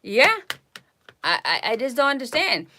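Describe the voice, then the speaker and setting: A woman hosting a live tarot stream, telling stories to her viewers in an animated, indignant way with frequent asides. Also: high voice, normal speed, slight background noise.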